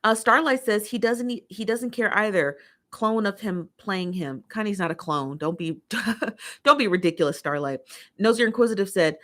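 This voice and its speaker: Hosting a laid-back livestream, a woman from the United States reads out comments from viewers and vents with exasperated opinions, saying things again to drive them home. She speaks at normal speed with a medium-pitched, fairly bright voice.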